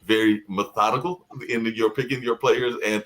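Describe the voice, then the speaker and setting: Very deep-voiced male radio host. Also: normal speed, background noise. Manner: rambling, relaxed, with repeated stock phrases. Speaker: radio talk show host. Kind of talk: casual radio talk.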